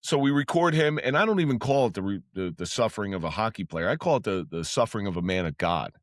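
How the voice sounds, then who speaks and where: Ex-cop guy on a podcast, low voice, dry close sound, swears, gets loud and high when excited. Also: quick pace, no room sound. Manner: candid, swears freely, pitch jumps up when excited. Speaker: podcast guest, former police officer. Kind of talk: casual storytelling.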